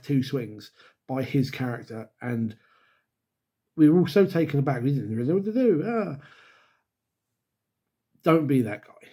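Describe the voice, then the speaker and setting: His voice is mellow and a little high: a middle-aged YouTube host and dungeon master from the United Kingdom. He talks solo to the camera, opinionated and candid, punctuating his wry remarks with sighs.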